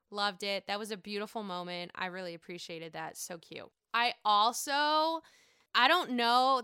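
A woman's voice: a little high, pushed and bright, clean tone, no echo, studio quality. A woman giving a casual, gossipy recap of a reality show and breaking into put-on voices when she quotes people.

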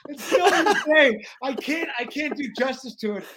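A man in his forties, a former pro hockey player from Alaska, telling stories in a rambling, animated way with many restarts. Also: very high-pitched, normal speed, background noise. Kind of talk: casual storytelling interview.

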